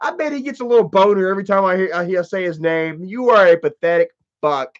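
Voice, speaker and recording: A man's voice: high voice, fast. A man hosting a livestream, talking in a casual, profane and mocking way and saying "you know" a lot. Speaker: livestream host. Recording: dull lo-fi stream audio.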